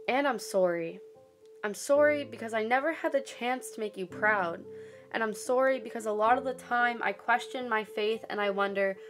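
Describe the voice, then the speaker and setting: A teenage girl delivering a spoken-word monologue as a student narrator, in an earnest, deliberate voice heavy with grief. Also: medium pitch, a bit bright. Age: late teens.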